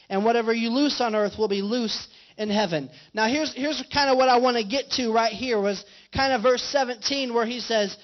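A male pastor preaching a conversational sermon in a church and putting questions to his congregation. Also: very high voice. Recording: dull lo-fi livestream audio.

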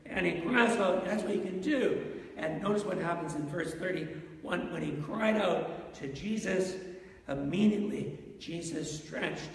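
A male pastor speaks slightly slowly in a high voice, chatting with his congregation and asking them questions during his sermon. It's recorded at a distance in a church sanctuary with a hall-like echo.

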